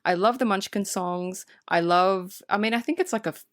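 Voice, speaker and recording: A woman's voice: medium pitch, moderate pace, dry recording, clean studio sound. A woman co-hosting a podcast, chatting casually and animatedly about a film, swearing freely and laughing often. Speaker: podcast co-host. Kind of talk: casual movie-review chat.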